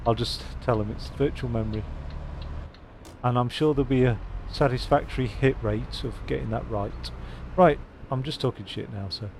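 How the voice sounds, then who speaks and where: A man's voice: medium pitch, moderate pace, darkish tone, slight background noise. A man rambling casually as he streams a truck-driving game, with self-mocking asides. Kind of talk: casual live-stream commentary.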